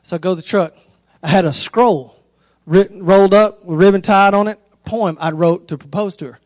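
A man's voice: fairly quick, no room sound, clean studio sound. A man, preaching a sermon through a folksy, conversational story. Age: 30s. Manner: folksy, conversational storyteller, voice rises high when excited.

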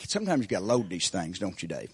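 Husky preacher man. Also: low-pitched, wildly swooping pitch, fast. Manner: call-and-response preaching, rising and falling emphasis. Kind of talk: sermon.

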